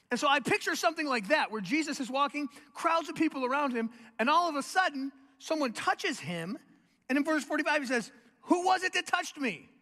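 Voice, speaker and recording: A young man preaching a sermon, telling the story in a lively, animated way and acting out the voices of its people. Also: sits high. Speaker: pastor. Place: large church hall. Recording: long hall reverb.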